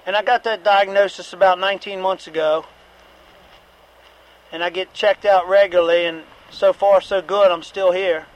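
A man's voice: high-pitched, steady tone, moderate pace, low-quality recording. A middle-aged man giving a candid, repetitive personal testimony at a recovery meeting, with occasional profanity.

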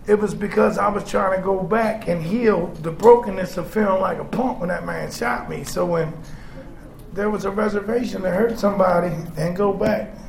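A man's voice: high-pitched, creaky. Raw, profane man in his forties. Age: 40s. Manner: raw, profane, swings from shouting to hushed. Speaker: speaker sharing his story with a group. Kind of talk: personal testimony to a group. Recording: echoey room with background noise.

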